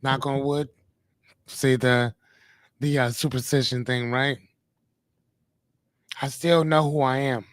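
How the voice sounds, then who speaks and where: Slow, rambling male podcast host. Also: mid-range voice, steady tone, no room sound. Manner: rambling, self-correcting, talks to the chat. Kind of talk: casual podcast talk.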